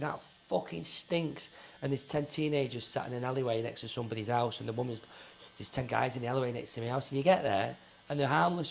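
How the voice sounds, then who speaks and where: A man's voice: mid-range voice, creaky, a little hiss or hum. A man, a neighbourhood patrol founder, talking bluntly and swearing in a casual interview. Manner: blunt, sweary, repeats himself, acts out quotes.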